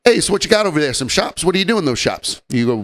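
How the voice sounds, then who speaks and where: A man's voice: a little high, big pitch swings, very fast, fairly bright tone, pitched above the performer's own voice. A man voicing a clueless male tourist with a Boston accent who keeps asking puzzled, repetitive questions. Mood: baffled.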